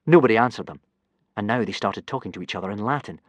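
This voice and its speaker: A man narrating a children's adventure book with expressive delivery. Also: on the low side, quick pace, no room sound. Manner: animated, expressive. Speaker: audiobook narrator. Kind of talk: storybook narration.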